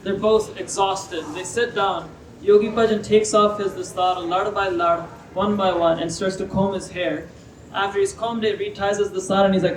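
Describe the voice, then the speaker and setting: Young guy giving a talk, fairly high voice, echoey room, mic kinda far off. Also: steady tone, normal speed, a little hiss or hum. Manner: casual, storytelling with acted dialogue. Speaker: speaker. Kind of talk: religious talk to students. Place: university lecture room.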